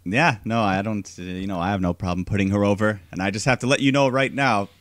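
Laid-back, low-voiced podcast co-host man. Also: fast, a bit bright, no room sound, clean studio sound. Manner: laid-back, laughing, agreeable. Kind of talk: casual wrestling podcast chat.

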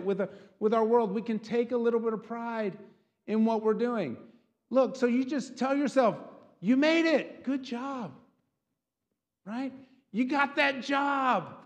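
Animated pastor preaching in an echoing hall. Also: male voice, high-pitched. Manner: animated, keeps asking "right?". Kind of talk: sermon.

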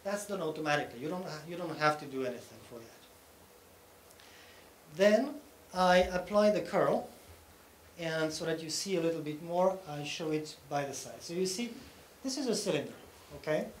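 A man presents at a technical conference, walking through each point step by step and pausing to check that the audience is following. His voice sits somewhat high. The hall around him echoes, with a faint hum of room noise beneath. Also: expressive. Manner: explains step by step, often checking in with "okay?". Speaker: conference speaker.

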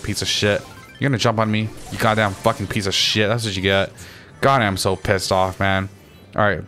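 This is frustrated gameplay commentary from a young man who hosts a gaming channel, cursing constantly and griping about the other players as he plays. He speaks at a medium pitch with a fairly bright tone, over faint background noise.

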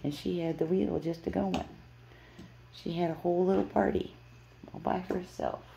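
A woman's voice: fairly low pitch, steady tone, normal speed, gravelly, lo-fi sound, background noise. A woman filming her foster kittens at home on her phone, calling to them in coaxing baby talk and laughing often. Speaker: pet foster carer. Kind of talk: casual pet vlog.

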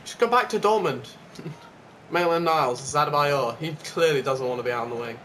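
A man's voice: on the high side, moderate pace. A man giving casual, sweary, exasperated commentary while playing a football video game. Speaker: gaming YouTuber. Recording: steady background noise.

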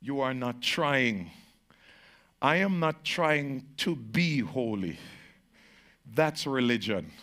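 A man preaching a sermon to a congregation as pastor, with emphatic repetition that swings from shouted peaks to slow, low phrases. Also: expressive.

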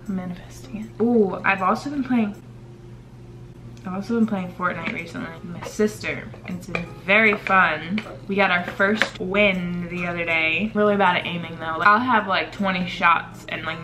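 A young woman vlogging casually to the camera, rambling and chatty with lots of fillers while doing her makeup at home. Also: lowish voice. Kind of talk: casual vlog chat.

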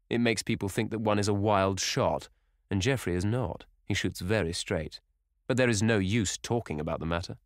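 A man voicing a worldly, detached older aristocrat who speaks calmly and dismissively, in an audiobook reading. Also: lowish voice, no echo, studio quality, lightly acted. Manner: calm, detached, drawling.

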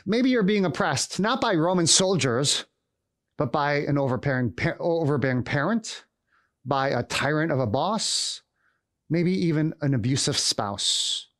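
A man's voice: fairly high pitch, lively intonation, unhurried. A middle-aged male pastor giving a Christmas Eve sermon and telling stories, sometimes acting out voices. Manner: storytelling, acts out shouted voices.

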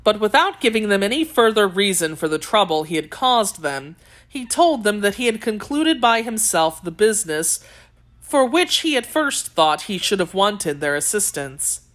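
A woman reading a classic novel aloud as an audiobook narrator, in a steady, clear reading manner. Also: medium pitch, moderate pace. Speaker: audiobook reader.

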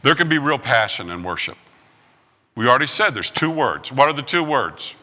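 Man, pastor preaching, lively up-and-down delivery, bright ringing tone, long church reverb. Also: medium pitch, moderate pace. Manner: animated storytelling with acted-out quotes. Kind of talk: sermon. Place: church sanctuary.

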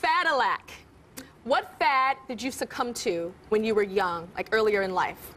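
A woman's voice: medium pitch, lively intonation, moderate pace, fairly bright tone. A woman in her thirties hosting a TV talk show, bubbly and teasing, laughing often as she interviews a guest. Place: TV studio with audience. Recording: studio with audience and background noise.

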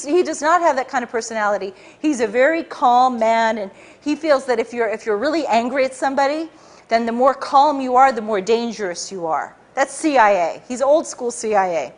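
A woman giving a talk to a live audience, telling a story in an animated way with many restarts and repeated words. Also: on the high side. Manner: animated, frequent restarts and repetitions. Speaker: public speaker giving a talk.

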